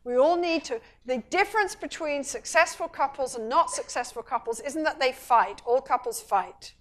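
A woman's voice: high-pitched, normal speed. A middle-aged woman, a couples therapist, giving a public talk and bringing her points to life by acting out bits of dialogue. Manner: animated storytelling, acting out dialogue. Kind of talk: public lecture.

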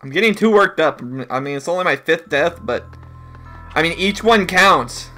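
A man giving live gameplay commentary, excitable and swearing heavily, often yelling in frustration. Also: fairly high pitch, normal speed, soft background music. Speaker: let's play gamer.

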